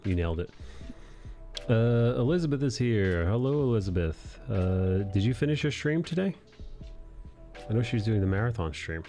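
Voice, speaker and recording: A man's voice: lowish voice, lively intonation, normal speed, warm tone, soft background music. A man hosting a live drawing stream, chatting casually and rambling with many fillers. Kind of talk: casual chat while drawing.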